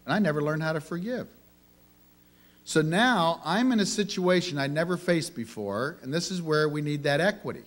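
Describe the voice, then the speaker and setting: A man giving a conversational sermon on parenting, telling family stories and asking the audience rhetorical questions. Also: fairly high pitch. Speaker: minister teaching on parenting.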